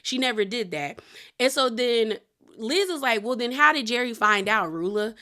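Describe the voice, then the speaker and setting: A woman's voice: fairly high pitch, expressive, normal speed, bright, forceful tone. A woman casually recapping a reality show episode, animatedly retelling who said what and laughing often.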